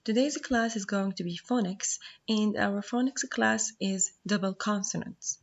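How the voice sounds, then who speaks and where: A woman whose first language is Arabic, teaching a phonics lesson, explaining slowly and sounding out words syllable by syllable. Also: mid-range voice, creaky, dull audio.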